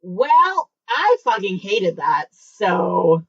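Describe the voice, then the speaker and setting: A woman's voice: medium pitch, sing-song, very slow, gravelly, breathy edge. A woman co-hosting a podcast in casual chat, reacting to a story with frequent swearing, sighs and laughs. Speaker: podcast co-host. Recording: dull lo-fi mic.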